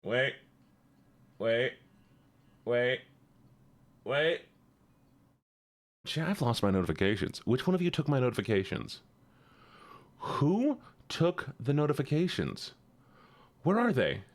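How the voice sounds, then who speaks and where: Excitable man chatting on a livestream. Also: mid-range voice, unhurried, pauses often. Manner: excitable, chatty, greets and thanks viewers. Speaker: streamer. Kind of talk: casual livestream chat.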